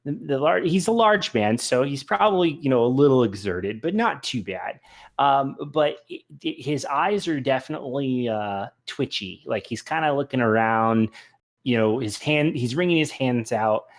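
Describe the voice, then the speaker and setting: A man's voice: medium pitch, animated, normal speed. Rambling, chuckling game master man. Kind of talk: narrating a tabletop game. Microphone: voice chat.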